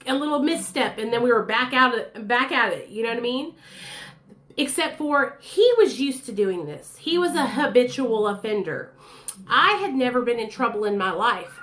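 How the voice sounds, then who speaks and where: A woman in her thirties telling her own story in casual, blunt, profane speech, acting out the voices of others. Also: fairly high pitch. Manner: blunt, profane, animated, acts out quoted voices.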